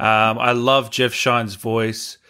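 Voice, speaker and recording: A man hosting an interview, upbeat, reading out viewer comments slowly and chuckling along. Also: mid-range voice, flat delivery, bright, forceful tone, clean tone. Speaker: host.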